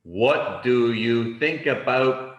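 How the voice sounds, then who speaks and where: A man teaching an English lesson online, speaking slowly and deliberately and acting out example lines with exaggerated expression. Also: medium pitch, echoey room, lo-fi sound. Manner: slow, deliberate, animated delivery with exaggerated read-out examples.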